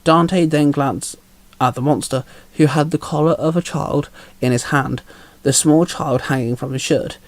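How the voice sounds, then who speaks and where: A man's voice: on the high side, a little slow, no echo. Man reading his own fanfiction aloud. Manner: plain storytelling with small slips. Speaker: narrator and author.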